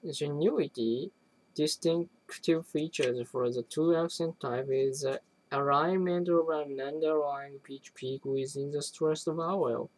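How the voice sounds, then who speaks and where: A person reading an academic text aloud, halting often to restart and correct words. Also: mid-range voice, steady tone, rough recording. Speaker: reader.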